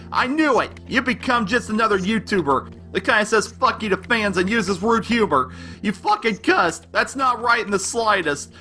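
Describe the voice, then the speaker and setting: Guy rapping as a creepy obsessed young fan, rhymey flow, tense bright voice, kinda high, beat underneath. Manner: rhythmic rhyming delivery, swings between gushing and menacing. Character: obsessive unstable young male superfan. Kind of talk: rapped fan-letter verse over a beat.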